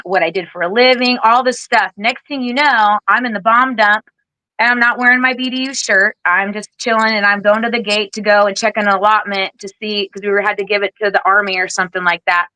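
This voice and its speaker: Woman in her 40s, veteran guest in an interview; bright, tense voice, blunt and animated, swears casually, acts out quotes. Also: medium pitch, a little fast, no echo, low-quality recording. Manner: animated, acts out other people's lines. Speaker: guest, Air Force veteran.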